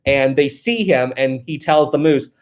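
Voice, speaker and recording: A live-stream host chatting casually, reading out viewer comments, joking and laughing a lot, and thinking out loud. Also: mid-range voice, a little slow. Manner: thinks aloud, with many fillers and restarts.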